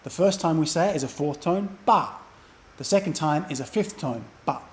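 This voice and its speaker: A man's voice: on the high side, fairly quick, a little mellow. A man teaching a beginner language lesson, explaining step by step and saying example sounds aloud. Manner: patient, demonstrates sounds aloud.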